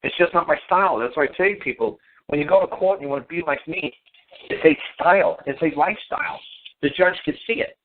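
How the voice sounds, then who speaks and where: A man's voice: fairly high pitch, fast talker. Rambling man on a tinny phone line. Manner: rambling, repeats himself, swears casually. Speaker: talk show host. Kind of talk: casual storytelling monologue.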